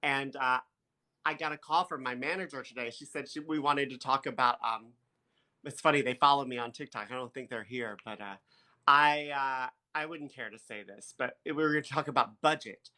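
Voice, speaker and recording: Bright-voiced chatty man. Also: medium pitch, moderate pace. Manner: chatty, laughs often, reads viewer comments aloud. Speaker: co-host of a live stream. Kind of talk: casual live-stream chat. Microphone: phone.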